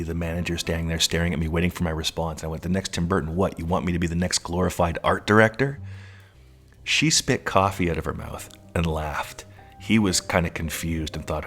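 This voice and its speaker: A man in his late thirties telling a personal story in a lively, animated way, acting out the voices of the people in it. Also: low voice, a little fast, faint music behind. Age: 30s. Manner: animated, acts out quoted voices. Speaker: storyteller recounting his life.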